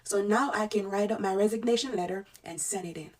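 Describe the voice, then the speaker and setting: A woman recounts a personal ordeal in a vlog, speaking with the fervent conviction of someone testifying in church. Her voice sits at an ordinary middle pitch and sounds slightly distant from the microphone. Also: fairly quick. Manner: fervent, testifying, faith-filled storytelling. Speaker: respiratory therapist sharing a story.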